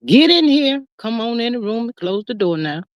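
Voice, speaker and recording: A woman's voice: fairly high pitch, very animated, normal speed, dry recording, muffled recording. A woman hosting a casual livestream chat, greeting viewers and talking in a chatty, playful way with lots of slang. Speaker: livestream host.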